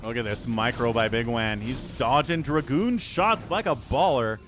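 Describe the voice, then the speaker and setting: A man's voice: mid-range voice, normal speed, a bit bright, slight background noise. A man streaming casual game commentary, sarcastic and rambling as he talks to his chat. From United States. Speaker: esports caster and streamer.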